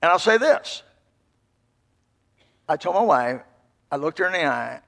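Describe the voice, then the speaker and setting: A pastor delivering a sermon, telling a folksy story with emphatic repetition. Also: male voice, on the high side, very animated, a little slow, vocal fry, a bit bright.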